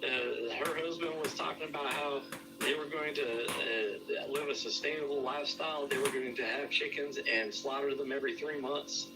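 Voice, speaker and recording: A man in easy podcast chat, winding through anecdotes and leaning on "I kid you not". He sits back from the microphone, so his voice sounds distant. A clear music bed plays behind him the whole time. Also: medium pitch, fairly even intonation, moderate pace. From Southern California. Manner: rambling storyteller, frequent "I kid you not". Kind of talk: casual chat.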